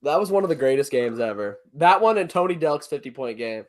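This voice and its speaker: A man co-hosting a casual basketball talk show, excitable and swearing freely. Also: medium pitch, fairly quick. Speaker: co-host. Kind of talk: casual sports chat.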